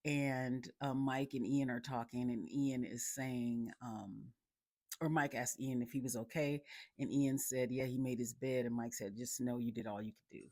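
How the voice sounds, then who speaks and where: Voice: mid-range voice, steady tone, moderate pace, warm tone, no echo, clean studio sound. A speaker casually recapping a TV episode, rambling, correcting themselves and adding chatty asides to the listener.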